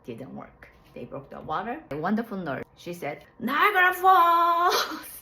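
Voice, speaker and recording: A woman casually telling her own birth story, candid and plainspoken, with loose, halting phrasing and laughs at herself. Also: sits low, animated, creaky, slight background noise, poor audio.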